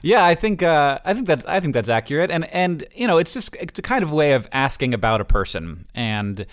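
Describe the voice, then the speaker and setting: Halting, chuckling man co-hosting a podcast. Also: fairly high pitch, sing-song. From Florida. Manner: halting, many restarts, quick chuckles. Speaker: podcast co-host. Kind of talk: casual podcast chat.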